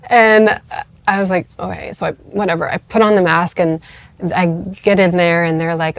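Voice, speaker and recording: A woman in her thirties, appearing as a podcast guest, tells a personal story in a casual, chatty way, packed with "like" fillers and acting out what other people said. Her voice sits on the low side with a steady tone at normal speed, recorded dry. At moments she sounds tearful.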